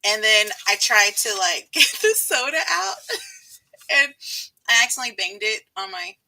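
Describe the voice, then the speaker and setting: Bubbly woman host, light Southern accent, very bright and rather high voice, giggly live-stream chat. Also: big pitch swings, normal speed, gravelly, poor audio. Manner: bubbly, laughs often.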